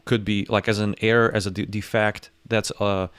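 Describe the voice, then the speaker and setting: A man's voice: lowish voice, level tone, normal speed, fairly bright tone, clean tone, no echo. A man co-hosting a live talk show, talking in a rambling way with many restarts and acted-out quotes. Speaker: podcast co-host. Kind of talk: casual live discussion.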